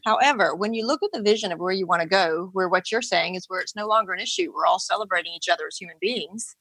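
A woman's voice: mid-range voice, quick pace, a bit bright, no room sound. Woman author explaining ideas. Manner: explanatory, coaching tone, checks understanding. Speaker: guest author. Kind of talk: conversational interview.

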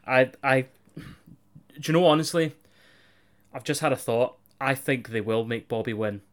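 Brief: young man, mid-pitched, relaxed sweary banter. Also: normal speed. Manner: chatty, sweary, laughs easily. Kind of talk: casual chat.

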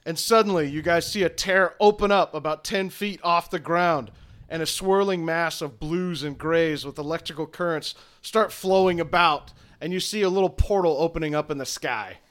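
A man runs a tabletop game, describing the action in a loose, chatty way with plenty of fillers. His voice sits a bit high for a man. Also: normal speed, fairly bright tone. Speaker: game master.

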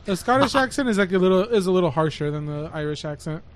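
A man's voice: high-pitched, quick pace. A man co-hosting a podcast, telling stories in a crude, joking way. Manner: crude, joking, animated storytelling. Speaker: podcast co-host. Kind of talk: casual chat.

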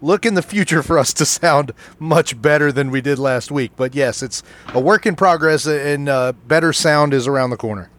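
A man's voice: on the high side, moderate pace, few pauses, fairly bright tone. An older man co-hosting a podcast in an easygoing, self-deprecating way, recorded remotely. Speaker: podcast co-host. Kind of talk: casual chat. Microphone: remote recording setup.

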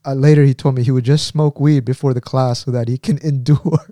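A man's voice: medium pitch, steady tone, a little fast, dark tone, no echo, studio quality. A young man telling stories in casual chat, rambling and laughing, with lots of "like".

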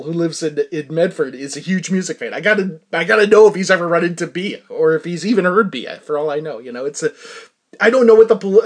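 A man hosting a casual music reaction, excitable and laughing often as he tells stories. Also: high-pitched.

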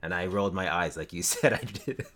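A man in a casual fan discussion, relaxed and chatty, laughing easily. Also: deep voice, fast.

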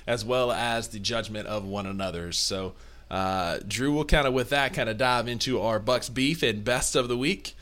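Young Southern man, north Mississippi twang, bright voice, ribbing his co-host on a sports podcast. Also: mid-range voice. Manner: playful trash talk, long enthusiastic lists. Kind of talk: casual sports podcast chat.

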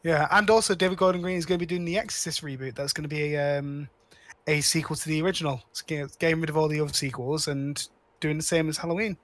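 A man's voice: a little high, fairly even intonation, fast talker, a bit bright, dry recording. A man co-hosting a podcast, rambling casually about films with lots of restarts and cheerful swearing. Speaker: podcast co-host. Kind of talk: casual chat.

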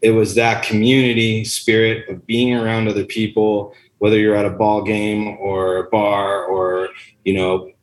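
A man's voice: lowish voice, level tone, measured pace, echoey room, rough recording. A man and musician talking casually and earnestly in a rambling, philosophical way. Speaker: musician guest. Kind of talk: casual chat.

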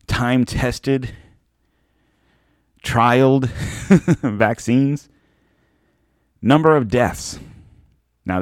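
A man with a deep, low voice hosts his podcast in a loose, sarcastic monologue and leans hard on the points he wants to land. The sound is dry and close, with no room echo at all. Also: darkish tone. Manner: sarcastic, emphatic, laughs at his own points. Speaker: podcast host. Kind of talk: casual monologue.

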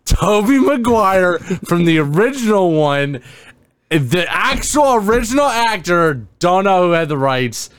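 A man co-hosting a casual podcast, chiming in with relaxed, jokey remarks about a movie. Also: sits high, clean tone, no echo. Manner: laid-back, jokey asides and quick agreements. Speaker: podcast co-host.

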